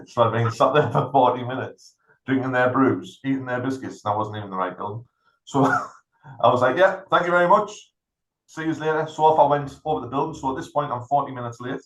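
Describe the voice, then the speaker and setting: A middle-aged man, a veteran co-hosting a podcast, telling a story in a casual chat and acting out the other people in it. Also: mid-range voice. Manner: animated anecdote-telling, acts out other people's lines. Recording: roomy echo.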